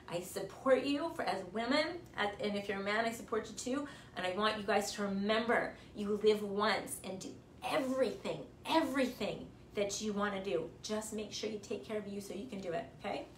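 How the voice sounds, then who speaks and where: A woman's voice: mid-range voice, normal speed, hardly any pauses, distant mic. A choked-up woman in her forties gives an emphatic motivational talk, repeating her words for emphasis. She sits back from the mic in a roomy space, with a faint hum underneath. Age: 40s. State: tearful, choked up. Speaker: fitness instructor. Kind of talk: emotional motivational pep talk on a livestream.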